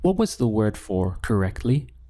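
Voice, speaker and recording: A man teaching a beginners' language lesson, saying each phrase twice in a patient, steady way. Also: lowish voice, moderate pace. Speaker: Spanish teacher. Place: lives in Latin America.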